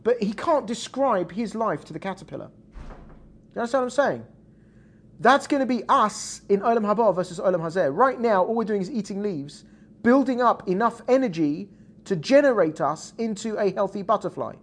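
A man's voice: sits high, animated, a little fast. A man teaching a Torah class in an explanatory classroom style, checking in with his students as he goes. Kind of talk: classroom lecture.

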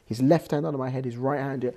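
A man with a croaky voice teaching a scripture class, swinging from low explanation to loud exhortation. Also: steady tone, fast talker. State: hoarse, croaky voice. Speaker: Torah teacher. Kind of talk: lecturing on scripture.

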